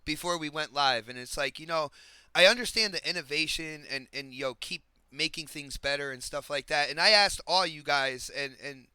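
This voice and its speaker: A man's voice: a little high, normal speed, pushed and bright, clean tone, no echo. A man hosting a gaming podcast, loose and joking in casual chat. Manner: loose and joking, laughs easily. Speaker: podcast host.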